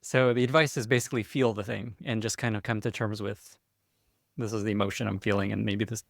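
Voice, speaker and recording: A man hosting a podcast, asking quick summarizing questions of his guest. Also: on the low side, fairly even intonation, creaky, no echo, clean studio sound. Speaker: podcast host. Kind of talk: podcast interview.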